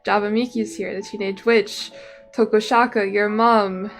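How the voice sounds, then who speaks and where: A woman's voice: mid-range voice, level tone, normal speed. A young woman chatting casually on a livestream, rambling and breaking off her own sentences as she talks. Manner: rambling, chatty, self-interrupting. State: slightly out of breath. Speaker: streamer. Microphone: desk microphone, no camera. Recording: faint music behind voice.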